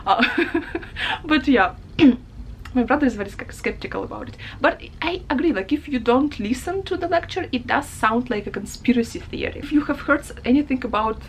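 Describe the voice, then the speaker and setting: A woman's voice: high-pitched, expressive, a little fast, a little hiss or hum. A woman book vlogger chatting casually to camera, emotional and talkative, often laughing and restarting her sentences.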